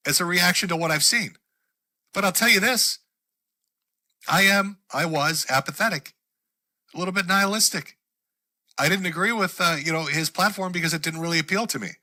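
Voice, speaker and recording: A man's voice: a little high, expressive, fairly quick, pauses often, sharp tone. A man hosting his own show, delivering a profane, heated political rant with a mocking edge. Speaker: show host.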